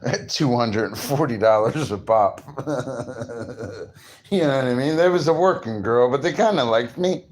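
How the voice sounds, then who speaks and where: A man talking straight to his viewers in a loose, rambling monologue. He brags, swears freely and keeps laughing at his own jokes. His voice sits at an everyday middle pitch. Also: a little slow, darkish tone, slight background noise. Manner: boastful, crude and rambling, breaking into laughs. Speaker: vlogger.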